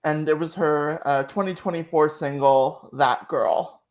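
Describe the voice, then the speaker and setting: A woman's voice: sits low, measured pace, lo-fi sound. A woman hosting a channel, chatting casually and emotionally, full of "like" fillers. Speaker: channel host. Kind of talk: casual chat recap.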